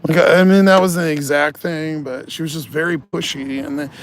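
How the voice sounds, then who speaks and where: A man's voice: fairly high pitch, fast talker, slight background noise. A man chatting casually in a vlog, grumbling and swearing as he tells a story and works outdoors by his vehicle. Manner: grumbling, swears a lot while ranting. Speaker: vlogger.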